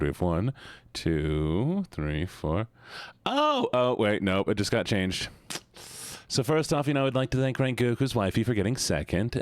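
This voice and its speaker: A man streaming live, chatting casually with his viewers in a playful, sing-song way, drifting into a soft sleepy mumble. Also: lowish voice, dry recording. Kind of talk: casual chat greeting viewers.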